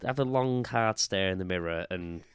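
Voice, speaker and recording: A man's voice: deep voice, normal speed, clear, resonant tone. A man co-hosting a podcast, chatting casually and laughing often. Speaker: podcast co-host. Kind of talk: casual chat.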